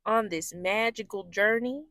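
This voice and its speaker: A woman's voice: mid-range voice, unhurried, crowd noise. A young woman co-hosting a podcast in casual, playful chat, laughing often and slipping into joking lines. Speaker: podcast co-host.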